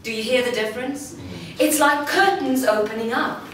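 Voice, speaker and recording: Female voice coach, measured demonstrative workshop delivery, recorded from afar in a noisy, reverberant hall. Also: high voice, a bit bright. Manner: slow, deliberate, demonstrative delivery. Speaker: speaker and voice coach. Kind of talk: live workshop talk. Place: large room before a live audience. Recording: echoey hall from far off with room noise.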